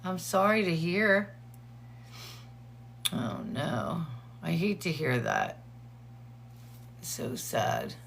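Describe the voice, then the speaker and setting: Slow, gravelly-voiced woman hosting a livestream. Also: on the low side, huge pitch swings, fairly bright tone, slight background noise. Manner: chatty, greets viewers by name between updates. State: teary eyes from allergies. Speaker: livestream host. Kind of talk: casual livestream chat greeting viewers.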